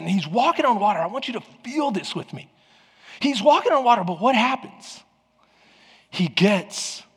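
A male pastor preaching a sermon in an animated way, acting out the voices of people in his story. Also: high-pitched, breathy edge, in a large hall.

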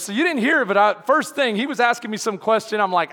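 A man preaches in a high, lively voice that carries through a large hall with a long echo. He acts out the lines of his story, dropping to near murmurs and then climbing to shouts, with frequent laughter. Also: fast, hardly any pauses, some chatter behind. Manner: animated, acts out dialogue, laughs often, swings from quiet to shouting. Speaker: pastor. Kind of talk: sermon with storytelling.

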